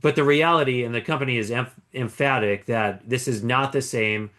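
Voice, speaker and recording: A man giving an analytical investment presentation, measured and explanatory, with frequent ums and small restarts. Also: medium pitch, fairly bright tone. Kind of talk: conference stock pitch. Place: conference presentation.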